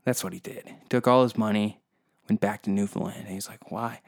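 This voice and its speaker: A man's voice: lowish voice, steady tone, brisk, vocal fry. Rambling, foul-mouthed man ranting. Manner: rambling, profane, mocking. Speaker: podcast host. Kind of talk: solo comedy podcast monologue.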